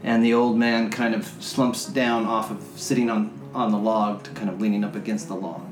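A man's voice: on the low side, flat delivery, normal speed. A man narrating a tabletop game as game master, chatty with laughing asides. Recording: roomy sound with faint music.

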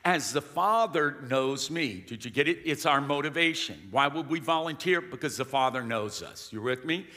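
A man's voice: medium pitch, animated, normal speed, hardly any pauses, pushed and bright, in a large hall. A man preaching a sermon as pastor, emphatic and calling the congregation to respond. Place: church sanctuary.

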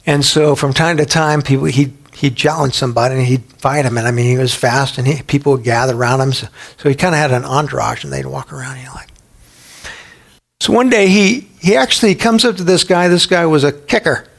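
A man's voice: medium pitch, brisk, creaky. A middle-aged man from Texas teaching a Bible study in a chatty way, asking his listeners questions and telling anecdotes. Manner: chatty, asks the audience questions, tells anecdotes.

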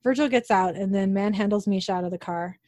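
A woman's voice: mid-range voice, a little mellow, dry recording. Woman, casual episode recap, mid-range voice, dry close sound, self-corrections. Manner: quick narration, self-corrections.

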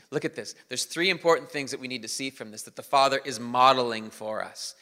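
Preacher with a bright, tense voice in a reverberant church. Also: male voice, mid-range voice. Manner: emphatic, swings between loud preaching and soft quiet delivery. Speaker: pastor. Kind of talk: sermon. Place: church hall. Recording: long reverb of a church hall.

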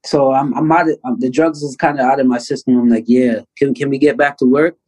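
A man in his thirties from Canada, a guest telling a personal story in a casual interview with lively, animated delivery. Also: mid-range voice, brisk, low-quality recording. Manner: animated storyteller, acts out quoted voices loudly. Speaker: guest, basketball player.

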